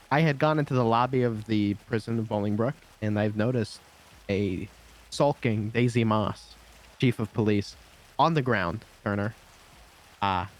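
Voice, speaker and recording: A man playing a prison guard, recounting events in character with lively detail and many fillers. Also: mid-range voice. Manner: animated storyteller, lots of fillers. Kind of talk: in-character game storytelling.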